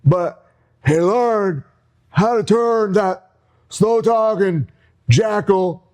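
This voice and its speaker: A man who works as a speech coach, hosting and giving instructions in an animated chat. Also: high voice, drawn-out words.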